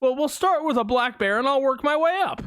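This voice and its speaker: Lively high-voiced man boasting. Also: fairly quick, no echo, studio quality. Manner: animated, boastful storytelling. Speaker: podcast co-host. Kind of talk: casual movie podcast banter.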